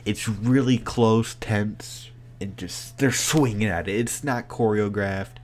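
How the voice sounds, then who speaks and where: A man giving a casual spoken movie review, excited and rambling with many filler words. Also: on the low side, slow pace, a little hiss or hum.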